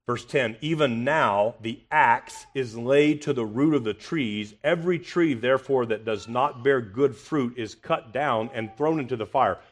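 A man preaching a confrontational expository sermon, asking rhetorical questions and swinging from loud emphasis to hushed tones. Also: medium pitch, a little slow, few pauses.

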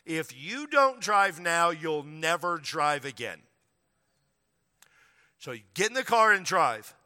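Stern no-nonsense dad, done by a preacher, blunt, bright voice, hall reverb. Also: male voice, fairly high pitch, big pitch swings, slow, heavily acted. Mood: firm. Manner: blunt, firm. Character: stern no-nonsense father ordering his daughter. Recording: long reverb of a large hall.

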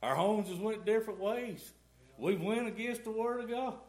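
A man's voice: high voice, moderate pace, a little mellow. A middle-aged man giving a rambling, folksy testimony in a church. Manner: rambling folksy storytelling, y'all and ain't. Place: church sanctuary.

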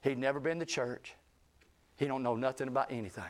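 A man's voice: mid-range voice, a little fast. A male pastor telling a story in a sermon, acting out the people he quotes with rising intensity. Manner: animated, acts out quoted speech with rising intensity.

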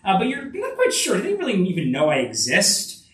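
A man preaching a sermon in an earnest, conversational way, often restarting phrases. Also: a little fast. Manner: earnest, with frequent restarts and lively rises in pitch. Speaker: pastor. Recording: echoey room, voice from a distance.

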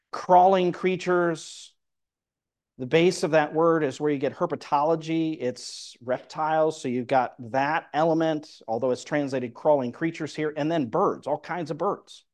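A man's voice: fairly high pitch, a little mellow. A man preaching, explaining a Bible passage verse by verse and reading scripture aloud. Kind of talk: Bible teaching sermon.

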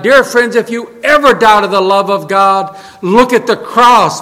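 Pastor guy preaching, fairly high voice, goes quiet then booms out. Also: big-room sound. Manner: preaching, swinging from soft low lines to loud high exclamations. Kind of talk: sermon.

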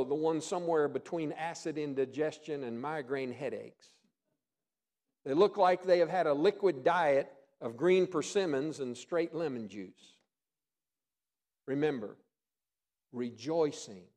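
Pastor, male, fairly high voice; emphatic sermon delivery with folksy humor and big swings between loud and soft. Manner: emphatic, rises and drops in volume for effect.

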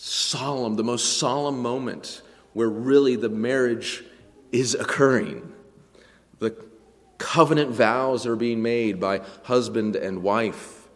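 A man preaching a sermon, earnest, slowing down and rising in pitch to stress key phrases. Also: big-room sound. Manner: earnest preaching, slows and rises for emphasis. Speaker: pastor.

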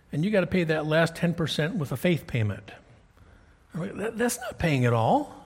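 A man's voice: fairly high pitch, slightly rough. A man preaching a sermon as pastor, folksy and conversational, asking his listeners rhetorical questions.

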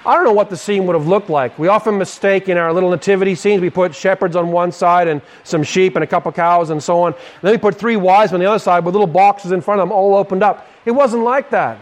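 Male preacher, high-pitched, emphatic repetitive sermon delivery. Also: fast talker, hardly any pauses.

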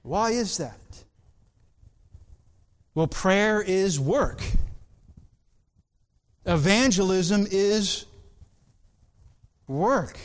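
A man preaching a sermon in an earnest, emphatic way, drawing out key words slowly. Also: high-pitched, animated. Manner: earnest, emphatic, with slow drawn-out stresses.

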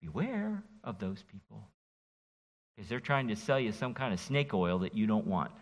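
A middle-aged pastor giving an expository sermon in a church, animated and folksy, joking with his congregation. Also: lowish voice, normal speed. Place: church sanctuary. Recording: reverberant church hall.

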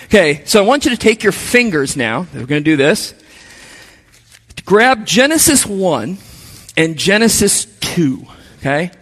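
A male pastor with a high voice delivers a sermon in a casual, conversational manner, turning to the congregation with asides. His voice rings out with a long reverb, as if in a large hall. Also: big pitch swings, measured pace, pauses often, fairly bright tone.

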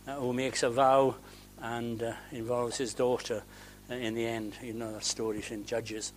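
A man's voice: mid-range voice, a little hiss or hum. A man preaching a sermon to a congregation, conversational and humorous, with theatrical asides.

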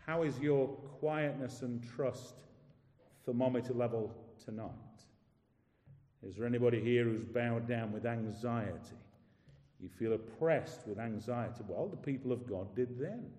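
A man preaching a sermon in a church, emphatic, asking rhetorical questions and slowing down for scripture. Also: fairly high pitch, dark tone. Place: church hall. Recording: echoey hall with long reverb.

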